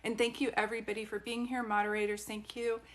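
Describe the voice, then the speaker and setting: A woman with a slightly high voice gives live psychic readings for viewers. She talks in a chatty, rambling flow and keeps stopping to ask them questions. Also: flat delivery, fast talker, slight background noise. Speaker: psychic medium. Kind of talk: live social media readings.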